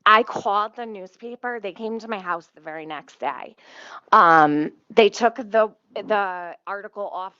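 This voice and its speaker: A woman's voice: medium pitch, a little slow, bright, forceful tone, smooth, no echo. A woman in her thirties telling a story casually, swearing a lot, sounding exasperated and laughing often. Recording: slightly muffled dry recording.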